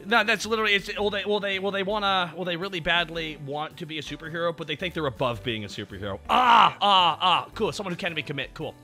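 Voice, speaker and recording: A man hosting a casual stream chat, talking excitably and swearing freely. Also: on the high side, very fast, hardly any pauses, faint music behind. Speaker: streamer host.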